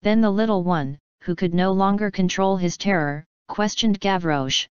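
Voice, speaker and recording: A woman narrating a classic novel as an audiobook in a measured storytelling manner. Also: mid-range voice, clean tone, no echo. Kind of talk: scripted narration. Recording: slightly dull, dry recording.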